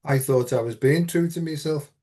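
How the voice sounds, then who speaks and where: A man's voice: a little high, moderate pace, mellow. A man hosting a frank conversation, blunt and earthy, swearing freely and telling stories with quoted dialogue. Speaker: host.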